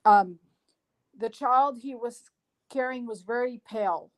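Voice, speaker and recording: A woman guest on a podcast, retelling events in an animated way with frequent restarts and fillers. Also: fairly high pitch, measured pace. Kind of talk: casual podcast discussion.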